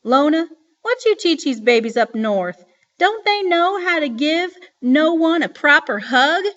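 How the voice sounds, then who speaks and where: A woman voicing a fierce, loud old grandmother with a Southern accent, shouting and bossing people around in an audiobook reading. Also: sits high, animated, a little slow, muffled recording, voice pushed up. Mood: bossy. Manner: shouting, bossy.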